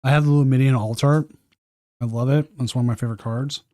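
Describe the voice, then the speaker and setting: A man's voice: medium pitch, fairly even intonation, fast, mellow, dry recording, studio quality. A man chatting casually and rambling while streaming a card tournament. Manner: rambling, talks with mouth full at times.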